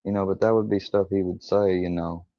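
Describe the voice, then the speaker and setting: Gravelly deep-voiced man telling stories. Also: steady tone, a little fast, no echo. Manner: rambling, profane, retells dialogue with quoted voices. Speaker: streamer. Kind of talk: casual storytelling livestream. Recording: dull lo-fi stream audio.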